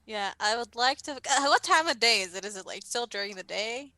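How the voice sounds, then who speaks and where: Bright-voiced giggly woman playing. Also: on the high side, animated, no echo, poor audio. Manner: giggly, slow, thinking out loud. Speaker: player. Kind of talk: casual tabletop game chat.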